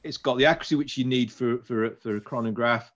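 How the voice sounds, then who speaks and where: A man's voice: medium pitch, steady tone, fast talker, a bit bright, muffled recording. A British man talking casually as a podcast co-host, chatty and enthusiastic, rambling a little as he goes. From Britain. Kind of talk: casual chat.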